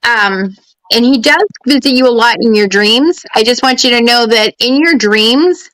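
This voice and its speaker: Chatty woman doing psychic readings on a live stream, fairly high voice, dry close sound, laughs a lot. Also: normal speed, a bit bright, no room sound, low-quality recording. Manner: chatty, laughing, talks to her pets. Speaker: psychic medium. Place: home during a power outage.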